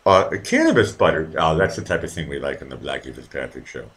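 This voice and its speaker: A man's voice: a bass voice, fast, a bit bright. A man hosting a live stream in a casual, rambling and profane way, reading out viewer comments and sometimes putting on silly voices. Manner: rambling, profane, easily distracted. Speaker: live-stream show host.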